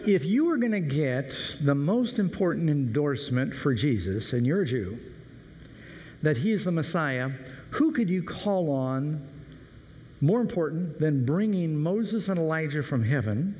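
A man's voice: fairly high pitch, big pitch swings, unhurried, darkish tone, in a large hall, rough recording. A man preaching a sermon in a conversational storytelling way. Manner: conversational, anecdotal.

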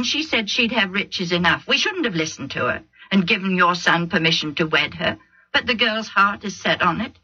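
A woman's voice: low-pitched, bright, forceful tone, slightly rough, lo-fi sound, exaggerated voice. A woman voicing an angry older man who indignantly defends his daughter with a raised voice. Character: angry older man, proud father of the bride.

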